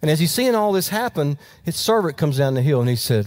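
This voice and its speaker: A man's voice: on the high side, big pitch swings, brisk, darkish tone. A pastor works through a Bible story at an easy, conversational pace. He keeps stopping to talk directly to the congregation. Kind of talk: sermon.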